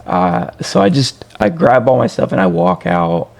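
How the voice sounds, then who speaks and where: A man's voice: medium pitch, sing-song, normal speed, vocal fry. A man telling a personal story in a casual, rambling way, full of fillers and restarts. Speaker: vlogger.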